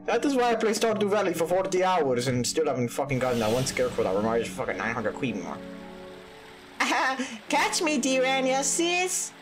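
A woman's voice: a bass voice, animated, fast, few pauses, over music. A woman giving crude, joking commentary over a game playthrough and swearing freely. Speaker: let's play host.

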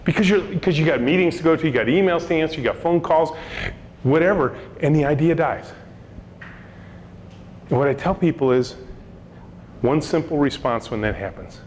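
Animated man telling stories in a hall. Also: a little high, moderate pace, long pauses. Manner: animated storyteller acting out dialogue voices. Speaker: company CEO giving a talk to students. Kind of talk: storytelling keynote talk. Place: lecture hall with audience. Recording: long hall reverb, faint noise.

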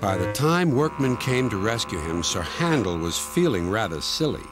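A man telling a children's cartoon story in scripted narration, gentle and expressive. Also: lowish voice, normal speed. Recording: loud music underneath.

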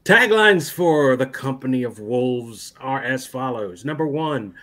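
A man co-hosting a casual podcast, reading movie taglines with playful, jokey deadpan delivery. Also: medium pitch, measured pace, hardly any pauses.

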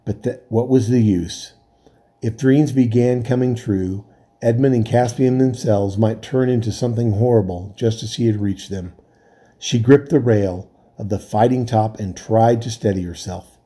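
Warm, husky male storyteller. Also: medium pitch, moderate pace. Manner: calm, steady narration. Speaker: volunteer reader. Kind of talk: storybook reading aloud.

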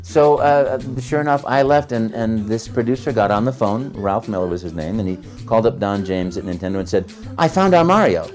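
A man, a voice actor, telling stories in an interview, animated and acting out the dialogue. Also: on the low side, a little fast, few pauses, faint music behind. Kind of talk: interview anecdote.

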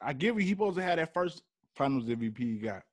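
A man from the Bay Area, a podcast guest, arguing about basketball in casual chat, animated and teasing, with sudden loud protests. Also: mid-range voice, quick pace, no echo, studio quality. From San Francisco Bay Area. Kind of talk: casual sports debate.

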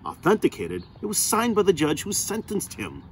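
A man's voice: fairly low pitch, expressive, brisk, fairly bright tone, slight background noise. A man reading aloud, voicing a short, fierce woman lawyer who talks in a snappy, insistent way.

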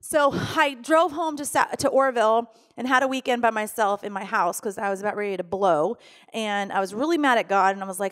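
A woman's voice: on the high side, fairly quick, fairly bright tone. A middle-aged woman pastor preaching a sermon, telling a personal story with strong emotion and acting out her own pleading prayers.

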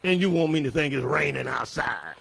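A man, a pastor teaching a Bible study lesson, emphatic, repeating his phrases and rising at times to a shout. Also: medium pitch, expressive, a little fast, gravelly, husky. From Southern United States.

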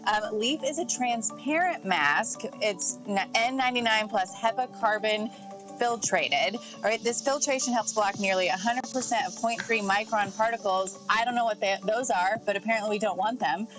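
A woman's voice: mid-range voice, normal speed, music in the background, low-quality recording. Chatty woman presenting tech gadgets. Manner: chatty, informal, reads product notes with asides. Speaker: tech segment guest. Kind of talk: casual TV segment chat. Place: TV studio.

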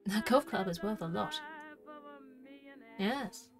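A woman's voice: medium pitch, animated, slow. A woman streaming a video game, chatting playfully and talking to herself as she plays. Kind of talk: gameplay commentary. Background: game music.

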